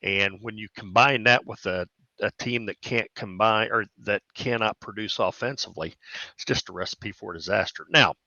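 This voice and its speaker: A man with a Missouri accent, a coach co-hosting a sports talk show, analyzing in a measured, halting way. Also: on the low side, gravelly, sharp tone, dry recording, highs cut off.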